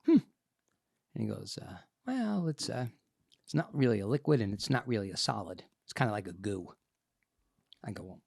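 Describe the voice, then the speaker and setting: A middle-aged man, a podcast guest telling his story in an animated way and acting out what people said. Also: mid-range voice, creaky, no room sound, studio quality. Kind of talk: storytelling interview.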